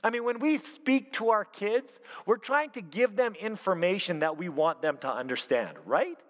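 A man preaching as a youth pastor, animated and full of rhetorical questions. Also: high voice. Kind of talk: sermon. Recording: long hall reverb.

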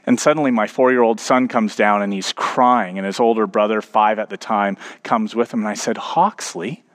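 A man's voice: lowish voice, steady tone, brisk, fairly bright tone. Male pastor, 30s, sermon delivery, storytelling that climbs into emphatic preaching.

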